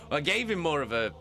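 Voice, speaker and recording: A young man talks casually to his live-stream viewers, swearing freely and breaking into laughter. His voice swings widely in pitch and has a bright, forceful edge. Faint music plays underneath. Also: vocal fry. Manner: excitable, swears a lot, laughs often. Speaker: streamer reading a novel with chat.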